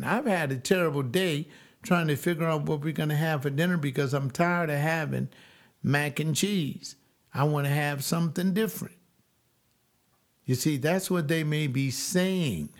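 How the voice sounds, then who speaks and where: A man, a former preacher, talking on his webcast, earnest and repeating himself for emphasis with rhetorical questions. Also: medium pitch.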